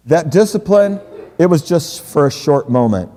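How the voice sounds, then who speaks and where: A middle-aged man preaching a sermon as pastor, earnest and reassuring, often dropping low and quiet on key words. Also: expressive, normal speed. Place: church sanctuary. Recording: long hall reverb.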